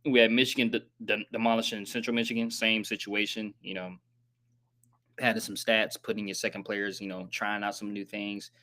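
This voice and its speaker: A man hosting a casual live sports recap, rambling in slangy, profane talk and saying he sounds flat and let down. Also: lowish voice, fairly quick. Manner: says he sounds monotone and disappointed. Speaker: sports channel host.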